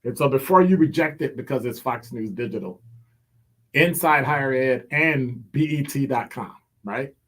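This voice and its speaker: A man hosting a call-in talk radio show, delivering a lively monologue with teasing, joking asides. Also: medium pitch, moderate pace.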